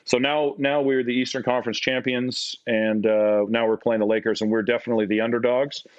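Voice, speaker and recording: A middle-aged Canadian man tells stories on a podcast in an easy, casual way, often acting out what people said. His voice sits at an ordinary pitch. The recording is dry and a little dull. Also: fairly quick, no echo. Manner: animated, acts out quotes in a higher voice. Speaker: podcast guest, former basketball player. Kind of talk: casual storytelling. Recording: dry, slightly dull audio.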